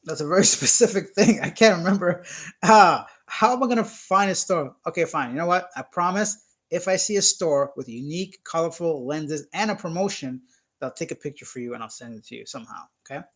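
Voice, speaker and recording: A young man from Canada hosts a relaxed live stream, reading out comments from his viewers. His voice sits a little high for a man, and he keeps things playful and teasing, breaking into laughter often. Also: a little fast. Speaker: YouTube channel host. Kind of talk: casual live-stream chat.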